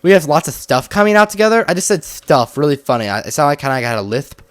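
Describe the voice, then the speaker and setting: Male gaming host, slightly high voice, rambling casual commentary, dry close sound. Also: very animated, fast talker, no room sound. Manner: rambling, chatty, heavy use of "like".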